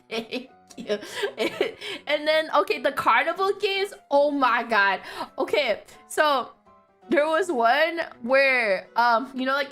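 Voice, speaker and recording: Giggly, high-pitched young woman streamer. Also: a bit bright. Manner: giggly, swears freely, bursts into laughter. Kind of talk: casual storytelling chat.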